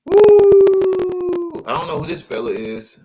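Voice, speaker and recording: Animated man reacting to photos. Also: medium pitch, unhurried, heavy background noise. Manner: animated, exclaiming, addresses viewers as y'all. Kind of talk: casual reaction commentary.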